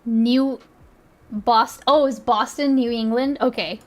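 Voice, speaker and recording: A woman's voice: fairly high pitch, fairly even intonation, slow pace, a little mellow. A woman streaming, reacting to clips in casual, rambling commentary, giggling and swearing freely.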